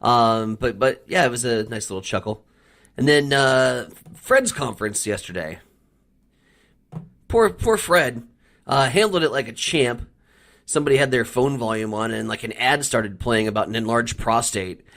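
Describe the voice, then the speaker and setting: Lively, chuckling male sports co-host. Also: mid-range voice, moderate pace. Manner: animated storytelling, laughing, repeats words. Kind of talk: casual sports talk.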